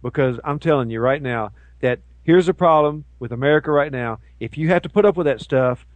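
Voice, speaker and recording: A man co-hosting a casual talk show, ranting in an animated way and mocking people with put-on voices. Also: on the high side, brisk, no echo. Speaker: co-host. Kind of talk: casual chat show banter.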